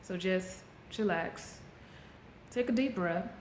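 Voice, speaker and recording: A woman's voice: medium pitch, takes it slowly, slight background noise. Candid middle-aged woman vlogging in an echoey room. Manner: candid, coaching, talks straight to viewers. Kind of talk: casual motivational vlog. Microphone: handheld camera. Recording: echoey room, faint background ambience.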